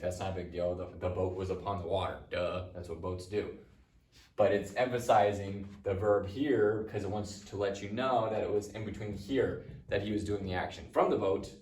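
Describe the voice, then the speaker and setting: Recorded from a distance in an echoey room, a man with a lowish, slightly mellow voice walks through Latin translations. His lesson is patient and step by step, sprinkled with "okay".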